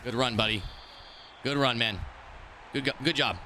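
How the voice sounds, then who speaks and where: A man streaming a football video game, commenting live in a brash, excitable, trash-talking way. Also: mid-range voice, normal speed, slight background noise.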